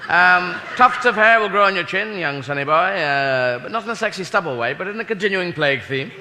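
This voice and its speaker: A man's voice: high-pitched, animated, fairly quick. Casting: male comic, rambling and flustered, long hall reverb, noise behind. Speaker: stand-up comedian. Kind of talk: stand-up set.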